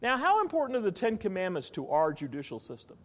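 A man preaching a sermon in an animated teaching style, often asking his listeners questions. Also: high-pitched, quick pace. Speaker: pastor.

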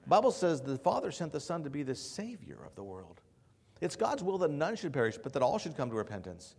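A man preaching a sermon to his congregation. He shifts between quiet, low passages and loud, emphatic preaching, and often repeats words and restarts phrases. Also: wildly swooping pitch, brisk, vocal fry, slightly rough.

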